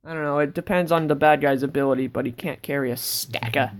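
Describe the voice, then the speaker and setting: A woman with a slightly low-pitched voice gives a casual sketchbook tour. She rambles from one drawing to the next and now and then bursts out with excitement. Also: fast talker. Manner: rambling, with sudden excited outbursts. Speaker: vlogger.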